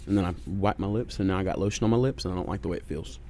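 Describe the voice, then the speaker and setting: A man's voice: deep voice, very fast, dark tone, a little hiss or hum. Blunt, joking Oklahoma man on a podcast. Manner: blunt, joking, swears freely. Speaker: podcast co-host. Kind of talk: casual podcast chat. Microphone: podcast microphone.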